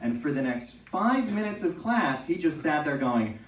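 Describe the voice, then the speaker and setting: A man's voice: a little high, very animated, normal speed. A young man performing a stand-up set, telling stories animatedly with exaggerated impressions of his professors. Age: young adult. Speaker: stand-up comedian. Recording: echoey room, from far off.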